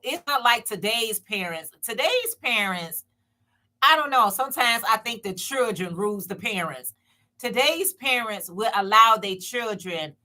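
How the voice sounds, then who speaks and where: A woman with a bright, ringing voice hosts a casual live stream from home. She talks in a loose, chatty way, circling back over her own phrases and calling out to her viewers as she goes. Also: on the high side. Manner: chatty, repeats herself, speaks straight to viewers. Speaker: channel host.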